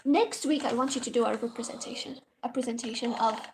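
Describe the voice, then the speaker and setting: Woman doing a high-pitched, pushy professor type, insistent and needling. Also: quick pace, darkish tone, a little hiss or hum, lightly acted. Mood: demanding. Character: pushy, probing male university professor.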